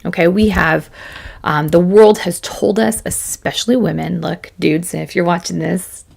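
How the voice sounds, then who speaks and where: A woman's voice: lowish voice, a little slow, gravelly, a little mellow, husky. A woman in her forties giving a chatty, self-deprecating motivational talk to camera as a business coach, laughing often.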